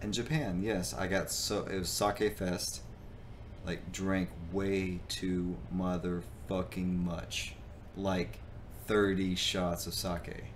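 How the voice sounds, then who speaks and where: A man's voice: low voice, flat delivery, slow, slight background noise. A man co-hosting a gaming livestream, telling a rambling, profanity-laced story in casual chat.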